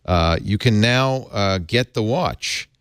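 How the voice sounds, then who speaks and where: A deep-voiced man hosts a casual tech chat, pausing often with hesitant fillers. His voice sits close and dry on the studio mic. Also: animated, clear, resonant tone, dry recording. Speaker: host.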